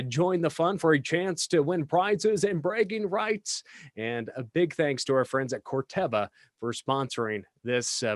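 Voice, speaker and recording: An upbeat man hosts a welcome video, running through the day's schedule in a promotional tone. His voice sits a little high. The recording is dry and close. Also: dry recording. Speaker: podcast host. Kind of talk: scripted event announcements.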